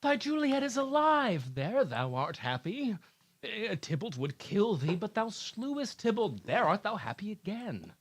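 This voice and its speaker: A man's voice: high voice, very animated, measured pace, heavily acted. A man playing a scolding older friar in a comedic Shakespeare table read, reading theatrically with stumbles. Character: Friar Laurence, older male priest scolding.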